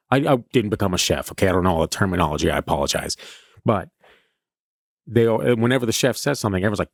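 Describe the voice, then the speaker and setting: A man hosts a comedy podcast as a rambling stream-of-consciousness monologue, mocking himself as he goes. His voice sits low but swings widely in animated bursts. The recording is dry and close. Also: dry recording. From California. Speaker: podcast host.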